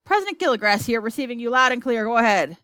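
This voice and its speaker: A woman putting on a blustering, shouting male president. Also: on the high side, expressive, dry recording, clean studio sound. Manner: loud, shouting, quick-tempered.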